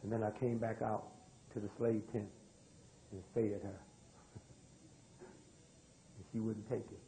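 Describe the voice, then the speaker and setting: A man's voice: on the low side, flat delivery, takes it slowly, dark tone, a little hiss or hum, low-quality recording. An American man giving a live lecture in a room with an audience. He tells stories in loose, drawling speech and keeps asking the crowd questions. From United States. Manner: drawling, loose spoken grammar. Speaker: speaker addressing an audience. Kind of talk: live lecture with call-and-response.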